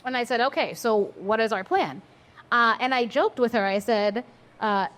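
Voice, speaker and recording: A woman's voice: a little high, moderate pace, fairly bright tone. A woman who is a mother of four and works as an abortion doula, speaking candidly at a live panel, blunt, swearing freely and laughing as she tells stories. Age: adult, mother of four. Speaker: abortion doula and maternal health advocate. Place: live event at a coffee house.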